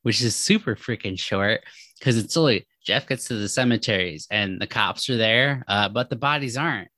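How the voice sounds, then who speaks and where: A man's voice: fairly low pitch, normal speed, sharp tone, no room sound. A man co-hosting a podcast, retelling a novel in a loose, joking, profane way. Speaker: podcast co-host. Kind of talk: casual chat recapping a novel.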